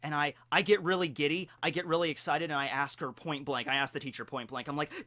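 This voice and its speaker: An excitable man talks through an anime episode with lively storytelling and the occasional curse. His voice sits high and bright, with a bright, cutting edge. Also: fast talker, few pauses. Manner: excitable, animated storytelling with swearing. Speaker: anime commentary youtuber. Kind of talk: casual commentary.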